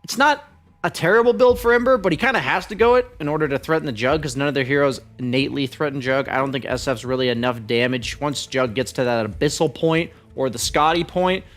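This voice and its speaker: A man working as draft analyst at an esports desk, explaining his points in a measured way. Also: fairly high pitch, a bit bright.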